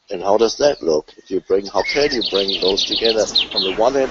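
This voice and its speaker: A man giving a reflective spiritual talk, measured and contemplative with pauses. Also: fairly low pitch. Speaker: spiritual teacher. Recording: lo-fi, with loud background noise.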